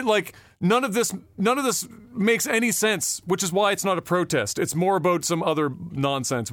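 Man, high voice, dry close mic, profane animated rant. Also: dry recording. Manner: profane, animated ranting with mocking impressions. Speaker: podcast co-host. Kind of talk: casual ranting chat.

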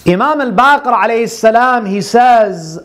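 High-voiced man telling a story. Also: animated, moderate pace, a bit bright. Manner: retells a story, quoting Arabic and translating it. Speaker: religious speaker. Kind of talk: storytelling lecture.

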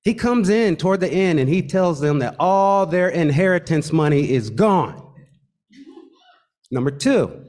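A man recounts his own true story, his voice sitting a bit high and swinging widely up and down. He builds tension with pauses and drops in wry asides. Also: expressive, a little mellow. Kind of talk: first-person true story narration.

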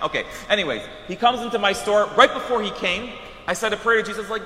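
A high-voiced priest preaching from the front of a church, his bright, ringing tone bouncing off the walls. He tells stories in an animated way, full of asides. The sound carries a long, echoey church reverb. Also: fairly quick. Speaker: Catholic priest. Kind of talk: sermon.

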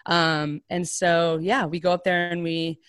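Young woman with a low voice, storytelling casually. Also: a little slow, smooth, no room sound, clean studio sound. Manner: casual, heavy on "like" fillers, animated quoted voices. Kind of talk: personal storytelling in conversation.

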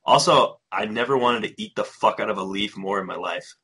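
Deep raspy male co-host, easygoing, forward tone. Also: sharp tone. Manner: laid-back, quick to laugh. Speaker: podcast co-host. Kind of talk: casual chat. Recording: home room, dogs and dripping audible.

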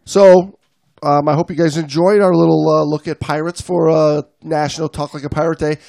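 A man co-hosting a podcast, reading old verse slowly and theatrically, then chatting with fillers. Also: fairly high pitch, level tone, creaky, darkish tone, no room sound, studio quality. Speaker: podcast co-host. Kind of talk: casual chat and recited verse.

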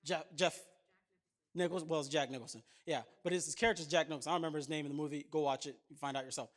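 A man's voice: on the high side, fairly even intonation, rapid-fire. A man in his thirties preaching a sermon, chatting with the congregation in asides and then building to emphatic points. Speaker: pastor.

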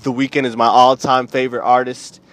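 A man's voice: medium pitch, level tone, moderate pace, fairly bright tone. A man in his twenties from the United States, delivering a rambling, profane comedic rant.

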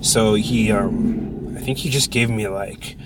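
A man's voice: on the low side, fairly even intonation, slow, very noisy. A man co-hosting a casual podcast from inside a car, talking in a rambling, sardonic way with lots of fillers. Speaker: podcast co-host. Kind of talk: casual chat.

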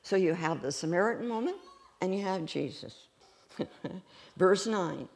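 Gravelly-voiced woman preaching a story. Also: lowish voice, measured pace, pauses often. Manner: animated, laughs often while telling stories. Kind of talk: sermon storytelling.

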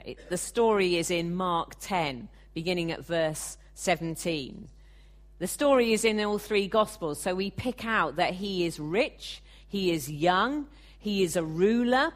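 A woman preaching a sermon, earnest and measured, sometimes acting out the people she quotes. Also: lowish voice.

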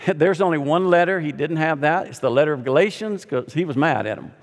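A middle-aged man preaching a sermon, telling a humorous story in a lively, conversational way. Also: a little high, brisk. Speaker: pastor. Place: large hall or sanctuary. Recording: long hall reverb.

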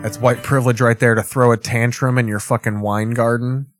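A man's voice: medium pitch, level tone, brisk, over music. A man giving casual, profane commentary as he reacts to TV clips, rambling with wry asides.

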